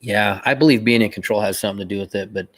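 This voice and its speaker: A man's voice: fairly low pitch, very fast. A middle-aged man co-hosting a podcast, telling a story in casual chat. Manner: storytelling, animated retelling. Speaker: podcast co-host.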